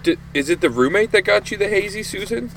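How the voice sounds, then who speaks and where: Young male co-host, mid pitch, ribbing jokes, crowd chatter behind. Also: animated, vocal fry, distant mic. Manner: teasing, quick short interjections. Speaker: podcast co-host. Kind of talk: casual chat.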